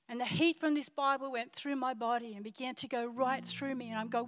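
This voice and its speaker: High-voiced woman preaching an emotional testimony. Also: steady tone, brisk, few pauses. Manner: emotional, dramatic swings from whisper to crying out. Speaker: pastor. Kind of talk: sermon testimony. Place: church.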